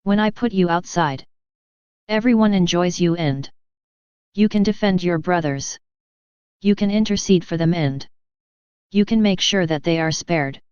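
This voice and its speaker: Jesus, gentle sorrowing man, read by a woman; low-ish, very clear, dry, a bit muffled. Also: measured pace, pauses often, dry recording, lightly acted. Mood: tender sorrowful.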